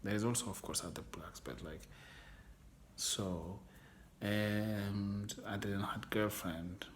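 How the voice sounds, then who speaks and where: With slight background noise behind him, a man speaks slowly in a lowish, fairly even voice. As a documentary interviewee, he recounts his personal story frankly, wandering, hunting for words and cursing offhandedly.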